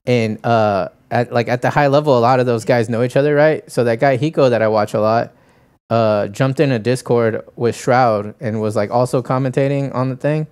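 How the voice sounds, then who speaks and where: A man's voice: medium pitch, normal speed, darkish tone, clear, resonant tone. Rambling male podcast co-host. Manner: rambling, heavy on filler words and impressions. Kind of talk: casual chat.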